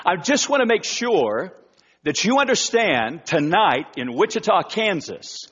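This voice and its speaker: A man's voice: high-pitched, very animated, a little slow, fairly bright tone, breathy edge. A male pastor preaching a sermon in a church, emphatic, with repeated phrases and rhetorical questions. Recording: dull church recording with long reverb.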